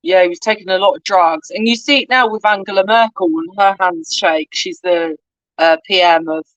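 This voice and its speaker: A woman from Cornwall, England, with a strong Cornish West Country accent rambles chattily as a podcast guest in casual conversation. Her voice is on the low side with a fairly bright tone and moderate pace, recorded dry and lo-fi.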